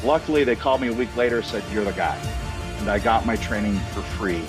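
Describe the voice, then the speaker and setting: A middle-aged man from Canada, a podcast guest telling stories in a casual, animated way with jokey asides and plenty of fillers. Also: on the low side, quick pace, music in the background. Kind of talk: casual storytelling interview.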